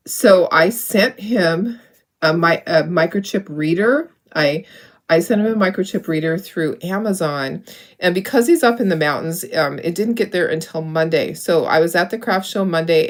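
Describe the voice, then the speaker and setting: A woman's voice: fairly low pitch, normal speed. A middle-aged woman hosting a craft livestream, chatting emotionally with many restarts while she works on her sample. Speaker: craft channel host.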